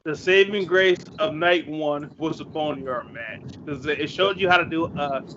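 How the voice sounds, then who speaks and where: A man's voice: fairly high pitch, a little slow, background noise. A man co-hosting a podcast in casual chat, blunt and swearing freely. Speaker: podcast co-host. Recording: dull lo-fi audio.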